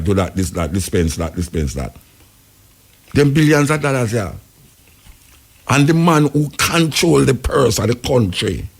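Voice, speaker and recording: A Jamaican man hosts a radio talk show, rambling through the news in heavy patois. His voice is gravelly, with a husky edge. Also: fairly high pitch. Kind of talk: casual on-air commentary.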